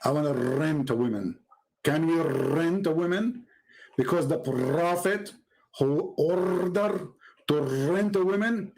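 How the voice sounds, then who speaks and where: A man giving mocking, sarcastic commentary as he reads from a website on screen. He swings from low mutters to sudden high exclamations. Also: creaky, darkish tone, low-quality recording. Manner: mocking and sarcastic, with exaggerated mock praise. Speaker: religious debater and commentator.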